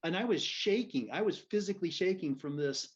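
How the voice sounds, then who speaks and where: Animated storytelling man, dull lo-fi sound. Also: sits high, fairly quick. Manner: animated storyteller who laughs often. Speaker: physician guest. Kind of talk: casual storytelling.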